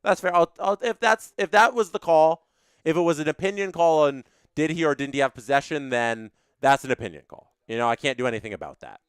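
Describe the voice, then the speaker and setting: A man's voice: fairly high pitch, lively intonation, fairly quick, clean tone, dry recording, studio quality. A man hosting a live stream, reading viewer chats and ranting opinionatedly, often repeating his phrases.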